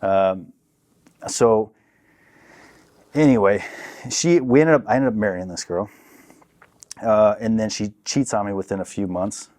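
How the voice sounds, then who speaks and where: A young man telling a story on a podcast in a casual, profane, animated way, acting out what people said. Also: on the low side, unhurried, pauses often. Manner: profane, animated, acts out quotes. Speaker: podcast guest.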